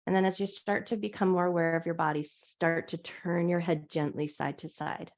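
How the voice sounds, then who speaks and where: A woman teaching a live yoga class on a clip-on mic, giving soft, soothing guided cues. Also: on the low side, level tone, moderate pace. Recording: dull lo-fi live class audio.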